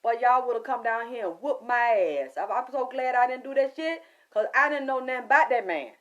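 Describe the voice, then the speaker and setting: A woman tells a story in a loose, casual monologue. Her voice sits fairly high, and she curses freely as she acts out her own lines and other people's. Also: animated, moderate pace, fairly bright tone. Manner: profane, emphatic, quotes herself and others. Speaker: psychic reader.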